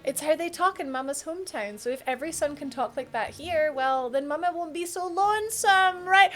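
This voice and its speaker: A woman's voice: high-pitched, animated, fairly quick, a bit bright. Woman reading as an earnest little girl. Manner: earnest dialogue read aloud. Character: young girl eager to help her parents.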